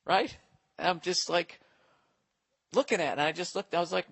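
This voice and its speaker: A man's voice: high voice, moderate pace, gravelly, fairly bright tone, husky. A man hosting a podcast, telling a comic story in a rambling, profane, exasperated way. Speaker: podcast host. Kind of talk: comedic storytelling monologue.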